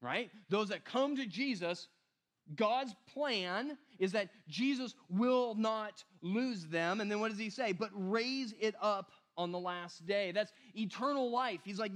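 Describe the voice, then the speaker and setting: A man with a high voice gives a sermon, reading scripture and explaining it in relaxed, everyday words. He often checks in with the listeners and repeats his key points for emphasis. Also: measured pace. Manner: casual, conversational preaching with repeated "right?" and "you guys". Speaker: pastor.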